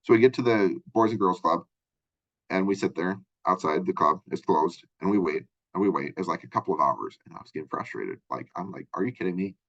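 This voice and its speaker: A college lecturer with a deep, low-set male voice talks quickly through his lesson. He keeps it conversational and tosses in "right?" and "you know" as he goes. The recording sounds dull and lo-fi. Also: lively intonation, fairly bright tone. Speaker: college communication instructor. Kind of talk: recorded textbook chapter lecture. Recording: dull lo-fi audio.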